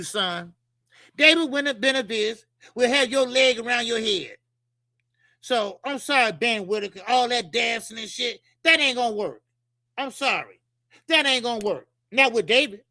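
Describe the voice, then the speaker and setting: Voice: medium pitch, pushed and bright, no room sound, clean studio sound. A boxing talk show host giving heated commentary, blunt and profane, firing rhetorical questions at viewers.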